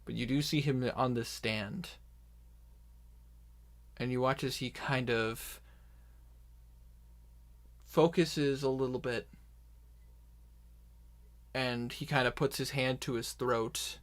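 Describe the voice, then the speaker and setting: A man's voice: mid-range voice, steady tone, slow pace, long pauses. A man narrating a tabletop game as game master, rambling with frequent restarts.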